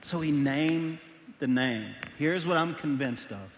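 A middle-aged man, preaching a sermon as pastor, telling stories animatedly and swinging between loud and hushed. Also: fairly high pitch, slow pace, highs cut off. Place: church auditorium. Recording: long reverb of a large hall.

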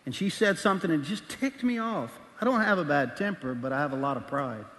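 Pastor telling a story in a big reverberant hall. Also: male voice, fairly high pitch, expressive, fairly quick, a bit bright. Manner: candid storytelling, acts out voices in bursts. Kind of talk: sermon.

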